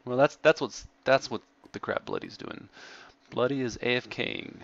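A man's voice: medium pitch, huge pitch swings, moderate pace, creaky, fairly bright tone, dull audio. A man hosting and chatting casually over gameplay, upbeat and rambling with plenty of fillers. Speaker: server host and gaming commentator.

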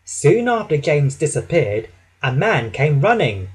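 A man reading a children's story aloud with an expressive storytelling delivery. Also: on the high side, measured pace, slightly rough, rough recording. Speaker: storybook reader.

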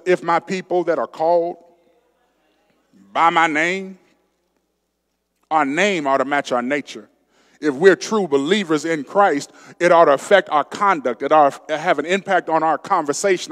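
A man's voice: on the high side, fairly bright tone. A male pastor preaching a sermon emphatically, calling out to his congregation. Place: church sanctuary. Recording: long church sanctuary reverb.

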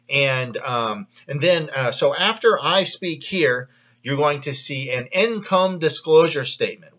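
A man from the American Midwest talking casually in a sales pitch to his viewers, rambling with many fillers and restarts. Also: a bit bright. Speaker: network marketing video host. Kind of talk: casual direct-to-camera pitch. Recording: slightly dull lo-fi sound.

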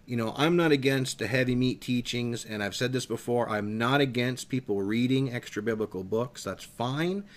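A man's voice: mid-range voice, moderate pace, few pauses. A man from the US South hosting a religious discussion, earnest and growing more intense as he stresses his points.

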